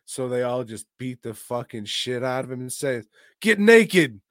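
A man's voice: medium pitch, level tone, moderate pace, no echo, studio quality. A man co-hosting a podcast, retelling a movie's plot in casual, profane, jokey chat. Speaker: podcast co-host.

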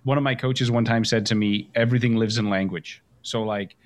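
Energetic fast-talking male coach. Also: medium pitch. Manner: energetic, emphatic, acts out example phrases. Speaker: coach and host. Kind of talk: motivational coaching call.

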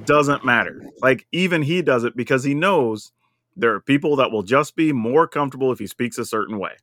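A man co-hosting a podcast in casual chat, thinking aloud in an animated way. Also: mid-range voice, brisk, dry recording, studio quality. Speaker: podcast co-host.

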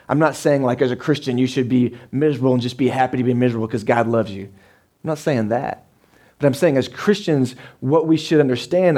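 A man's voice: medium pitch, darkish tone. A man in his thirties, a pastor preaching a sermon in a church, talking casually and turning to the congregation with asides. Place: church sanctuary.

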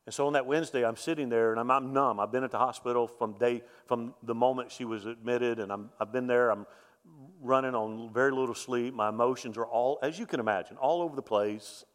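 A middle-aged pastor preaches with heartfelt storytelling, swinging between loud quoted lines and near whispers. His voice sits in a mid range and carries a long reverb from the church sanctuary around him. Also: mid-range voice, steady tone, a little fast. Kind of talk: sermon.

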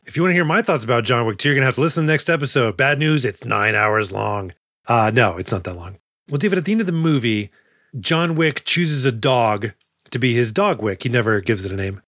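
A man's voice: mid-range voice, expressive, brisk, fairly bright tone, no room sound, clean studio sound. A man co-hosting a movie podcast, chatting casually and jokily, acting out silly voices now and then. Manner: jokey, acts out silly voices for characters. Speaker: podcast co-host.

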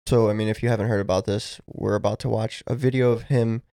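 Podcast guy, mid pitch, gravelly, swears a lot, dry close sound. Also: steady tone, quick pace, mellow, no room sound. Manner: casual, swears freely, exclamatory. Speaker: podcast co-host. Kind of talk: casual chat.

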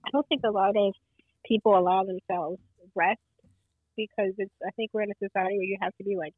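Relaxed young woman on a tinny line. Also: mid-range voice, brisk, no room sound. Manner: relaxed, repeats words for emphasis. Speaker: guest interviewer. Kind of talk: casual podcast conversation.

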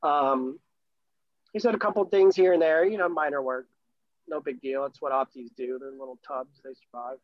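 A man's voice: mid-range voice, fairly even intonation, moderate pace, dry recording. A man in his thirties from Florida telling a long, enthusiastic, rambling story in casual chat. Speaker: sailor and new father telling a story. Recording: dull lo-fi recording.

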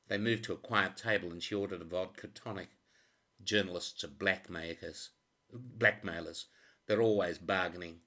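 A man narrating a crime novel audiobook in a steady, even reading voice. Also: deep voice, moderate pace.

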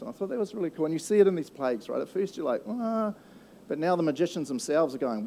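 A man's voice: a little high, animated, quick pace, dark tone, a little hiss or hum. A man, a pastor giving a casual, jokey sermon and acting out voices of the people in the story. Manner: playful, jokey, acts out quoted voices.

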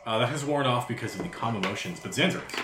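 Fast, lively game master man. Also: medium pitch. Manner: quick, animated, explains rules. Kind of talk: running a tabletop game, casual chat. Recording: echoey room, background noise.

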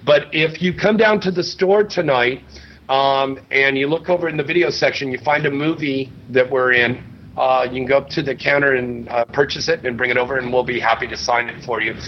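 A man's voice: mid-range voice, steady tone, a little fast. A man hosting a live fan signing event in a store, joking and hyping up his guests. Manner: joking, hyped emcee. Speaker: event host. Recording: muffled, noisy live recording.

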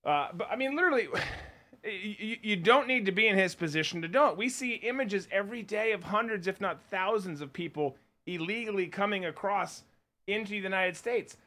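A man's voice: high voice, brisk, sharp tone. A man co-hosting a podcast, ranting bluntly and sarcastically in political commentary. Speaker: podcast co-host.

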